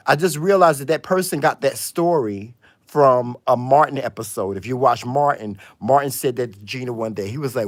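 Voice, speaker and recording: A man vlogging a casual monologue, telling gossipy stories in a sassy, dramatic way, full of "honey" and "child" and sudden loud exclamations. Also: medium pitch, moderate pace. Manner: dramatic exclamations and swings in loudness.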